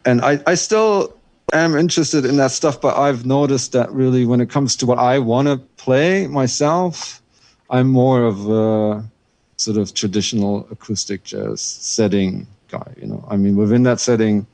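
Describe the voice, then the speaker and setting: A man's voice: mid-range voice, normal speed, a little mellow, no echo. A middle-aged man with a German accent talks loosely as an interview guest. He rambles through his thoughts with lots of fillers and restarts. The recording is dry and close. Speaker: guest jazz drummer. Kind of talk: casual interview chat.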